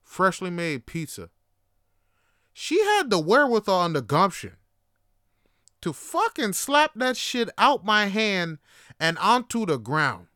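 Animated young man telling a story. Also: high voice, slow pace, long pauses, no echo, clean studio sound. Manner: animated, profane, slangy, lots of fillers. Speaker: podcast host. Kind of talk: casual comedic storytelling.

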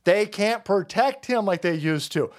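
A man's voice: lively intonation, unhurried. A man hosting a political commentary stream, ranting crudely and mocking the clips he plays. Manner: mocking, crude, shouting swings in pitch; does mocking falsetto voices when quoting others.

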